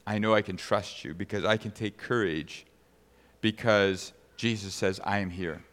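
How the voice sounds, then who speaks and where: A man's voice: on the low side, normal speed, fairly bright tone, big-room sound. A man preaching a sermon as pastor, reading scripture aloud and then speaking conversationally to the congregation.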